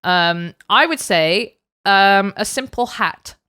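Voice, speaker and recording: A woman's voice: medium pitch, animated, takes it slowly, bright, forceful tone, clear, resonant tone, dry recording, clean studio sound. A woman, co-hosting a podcast in casual chat, wry and blunt, swearing casually. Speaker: podcast co-host.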